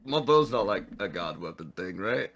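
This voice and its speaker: A man's voice: low voice, big pitch swings, moderate pace, fairly bright tone, a little hiss or hum. A man chatting casually as a player in a tabletop game, swearing offhand. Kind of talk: casual chat.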